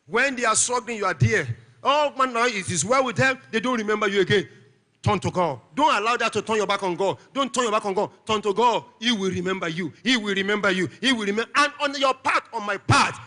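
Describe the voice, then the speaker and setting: Middle-aged Nigerian pastor, very high and sharp voice, shouts and call-and-response in a church sermon. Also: male voice.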